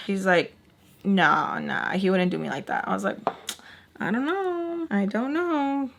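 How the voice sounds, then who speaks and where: A young woman chatting through a personal story as a vlogger, quoting everyone in quick back-and-forth and sometimes dropping to a hushed aside. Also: medium pitch. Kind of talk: casual storytelling while doing makeup.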